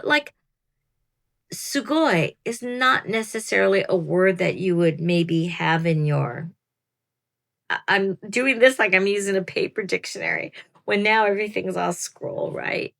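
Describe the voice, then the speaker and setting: A woman's voice: mid-range voice, measured pace, gravelly, a bit bright. A woman in her fifties giving casual, chatty advice to newcomers, rambling a little and laughing at herself. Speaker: veteran program participant giving advice. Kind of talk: casual advice talk to camera.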